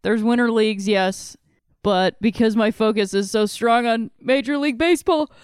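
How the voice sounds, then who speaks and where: A woman's voice: a little high, moderate pace, a little mellow, smooth, no echo, clean studio sound. A young adult woman hosting a solo podcast, talking in a rambling, frank way with some swearing, sleepy and yawning. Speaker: podcast host. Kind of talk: casual solo podcast monologue.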